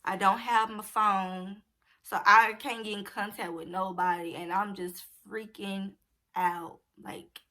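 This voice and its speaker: A young woman casually telling a personal story to her viewers, animated and acting out the dialogue. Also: medium pitch, takes it slowly. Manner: animated, acts out quoted dialogue.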